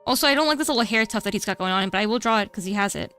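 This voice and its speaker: A woman's voice: medium pitch, lively intonation, racing, fairly bright tone, smooth, soft background music. A young adult woman streamer chatting casually while drawing, rambling with many fillers and restarts.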